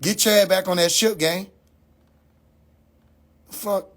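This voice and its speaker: Man, high voice, livestream rant, phone mic, profane, mocking, repeats questions. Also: fairly even intonation, takes it slowly, fairly bright tone. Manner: incredulous, mocking, swears constantly, repeats questions for effect. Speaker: livestream host.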